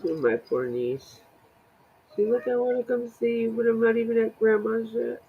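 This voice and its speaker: A woman co-hosting a casual live-stream chat, laid-back and quick to laugh. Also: a little high, vocal fry, breathy edge, narrow, tinny audio. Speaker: co-host.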